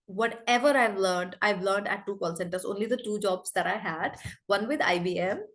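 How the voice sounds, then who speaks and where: A woman in her forties from India, teaching an online spoken English class over a video call in a lively, encouraging way. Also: medium pitch, normal speed. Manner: lively, encouraging, addresses students often.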